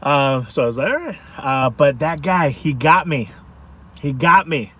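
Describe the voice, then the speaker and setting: A man food vlogger telling a rambling, animated story to camera from a parked car. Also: fairly high pitch, unhurried. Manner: rambling, animated, self-interrupting.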